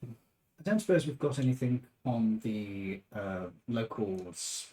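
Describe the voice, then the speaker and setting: A man's voice: on the low side, expressive, slow, mellow, slight background noise. A man playing a tabletop role-playing game, asking thoughtful, methodical questions with some restarts. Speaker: player.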